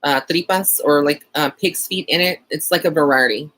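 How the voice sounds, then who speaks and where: A man's voice: a little high, moderate pace, a bit bright. Chatty Texan man on a livestream. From Texas. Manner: chatty and rambling, frequent fillers and light laughter. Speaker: psychic medium hosting a live chat. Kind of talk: casual live-stream chat.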